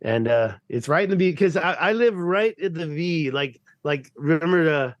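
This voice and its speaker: Speaking a little high at a moderate pace, this US man is a podcast guest on a video call, rambling excitedly and cursing casually. The recording is dry.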